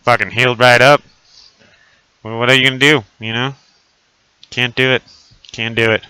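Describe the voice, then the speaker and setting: A profane, wisecracking man streams live in costume, riffing with his audience between jokes. His voice is bright and crisp, recorded close and dry with no room sound. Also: medium pitch, level tone, normal speed, dry recording. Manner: crude, profane, joking banter. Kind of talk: casual live-stream chat. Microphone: desk mic, voice muffled little by a costume mask.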